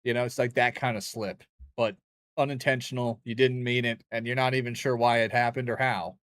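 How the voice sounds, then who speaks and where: A man's voice: mid-range voice, level tone, brisk, a bit bright, no echo. A young man streaming a game, rambling and joking with chat in a loose, crude way. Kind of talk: casual gaming stream chat.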